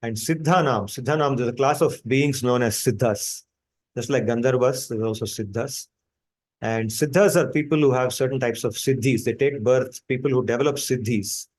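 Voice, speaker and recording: A man's voice: mid-range voice, normal speed, darkish tone. Man teaching scripture. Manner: storytelling, explanatory, with many restarts. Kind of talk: explaining scripture in a class.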